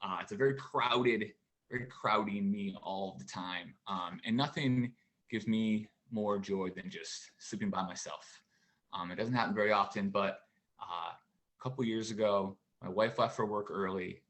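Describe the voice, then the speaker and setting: A man in his forties doing a stand-up comedy routine from home for a virtual show, with a halting, deadpan delivery and many pauses. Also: fairly low pitch. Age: 40s.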